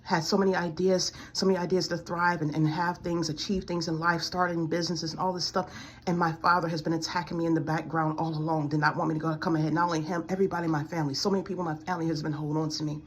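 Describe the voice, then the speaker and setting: A woman's voice: low voice, little pitch movement, very fast, slight background noise. A woman in her forties giving a pleading, tearful spiritual testimony to camera, close to tears and repeating her complaints. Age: 40s. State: near tears.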